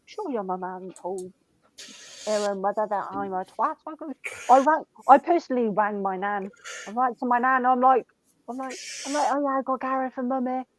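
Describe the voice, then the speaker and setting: A woman's voice: fairly high pitch, normal speed, a little hiss or hum, low-quality recording. A young woman in casual chat, telling rambling family stories full of swearing and "I'm like".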